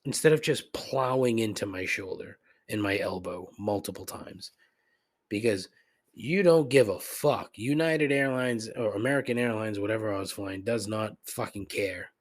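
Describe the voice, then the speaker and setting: Speaking at a moderate pace in a voice on the low side, this middle-aged podcast host rants comedically and casually. He's profane and rambling, gripes a lot, and keeps breaking into laughs and asides.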